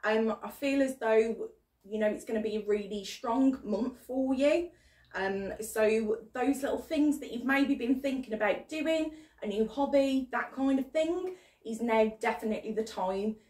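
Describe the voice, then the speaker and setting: Woman, guest tarot reader, encouraging, a bit hesitant, higher voice, echoey room, far from the mic. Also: unhurried, a little mellow. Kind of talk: casual spoken tarot reading.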